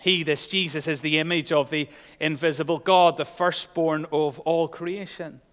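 A man's voice: a little high, fairly even intonation, normal speed. Earnest male preacher in a reverberant hall. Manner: earnest, swings from loud proclamation to soft near-whisper. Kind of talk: sermon.

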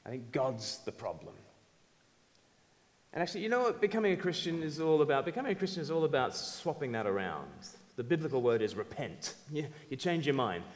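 A man preaching a sermon in an animated, emphatic way, acting out quotes. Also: a little high, fairly quick. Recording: long hall reverb.

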